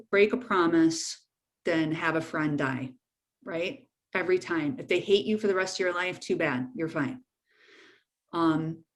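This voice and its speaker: A middle-aged woman counselor giving a frank, informal webinar talk to teens, repeating key points for emphasis. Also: lowish voice. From United States.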